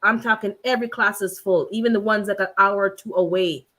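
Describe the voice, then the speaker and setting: Chatty woman telling lively stories. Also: fairly quick. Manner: animated storyteller, acts out quotes with big pitch jumps and laughter. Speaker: channel host. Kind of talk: casual chat.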